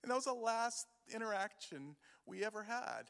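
A man giving an emotional sermon as a youth pastor, moving between quiet grief and loud urging. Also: high-pitched, expressive, moderate pace, vocal fry. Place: church hall. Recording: long hall reverb.

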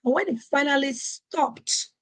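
A woman from Nigeria hosting a podcast, telling a personal story in an animated way and acting out what other people said. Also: high-pitched, unhurried. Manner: animated, acts out quoted voices. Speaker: podcast host. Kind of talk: storytelling monologue.

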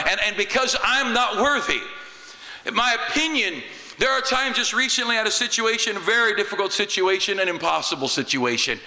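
A bright, fairly high-voiced American pastor who preaches in a folksy, joking, conversational way. His voice carries a long church reverb from the sanctuary. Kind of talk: sermon.

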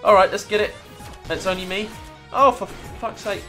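Excitable high-voiced gamer man. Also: moderate pace, faint music behind. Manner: excitable, swears, laughs often. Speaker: Let's Play gamer. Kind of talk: casual gaming commentary.

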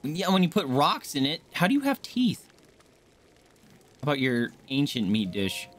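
A woman's voice: rumbling low, animated, moderate pace. A young woman giving casual, jokey commentary while she streams a video game and chats with viewers. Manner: chatty, laid-back, jokey.

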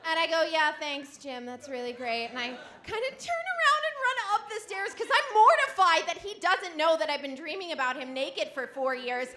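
Bright, high-voiced woman storyteller on stage. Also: normal speed, hardly any pauses, reverberant, slight background noise. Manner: frank, animated, laughing through lines. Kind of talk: live comic storytelling. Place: live story slam stage.

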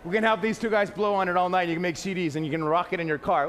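A man preaching a playful, lively sermon to a church, swinging between loud exclaims and quiet asides. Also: high-pitched, rapid-fire, a little hiss or hum. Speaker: pastor. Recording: echoey hall.

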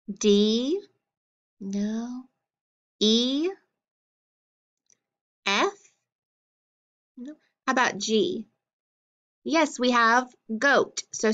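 Slow, patient woman teaching phonics. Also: on the high side, a bit bright. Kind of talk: phonics lesson for children. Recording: dull lo-fi recording.

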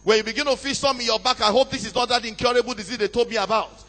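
High, bright-voiced man preaching in a hall. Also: fairly even intonation, rapid-fire, faint music behind. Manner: dramatic, call-and-response with congregation. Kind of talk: sermon storytelling. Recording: long reverb of a large hall.

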